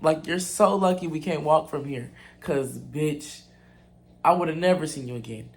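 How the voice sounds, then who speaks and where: Young male vlogger, upper-pitched, candid and profane storyteller. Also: unhurried. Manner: candid, blunt and profane, talks straight to viewers. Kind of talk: casual storytime.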